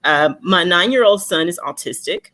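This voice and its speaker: A woman in her forties talks as a guest on a video call, her fairly low voice rising and falling in wide swings. She tells her stories with lively energy and slips into the voices of the people in them. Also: normal speed. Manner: animated storyteller, acts out voices of others. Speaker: romance author guest. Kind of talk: casual interview chat.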